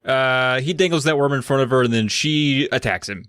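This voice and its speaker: A man co-hosting a podcast, recapping a book in casual chat and acting out characters in quick put-on voices. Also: medium pitch, fairly bright tone, clean tone, dry recording, clean studio sound. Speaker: podcast co-host.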